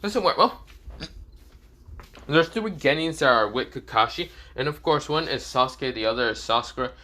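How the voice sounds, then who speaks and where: A young man narrates a crude comic fan story off the cuff, full of fillers and restarts. His voice is bright. He lets it swing up and down a lot. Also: medium pitch, lively intonation, normal speed. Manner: rambling, crude, many fillers. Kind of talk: improvised comedic story narration.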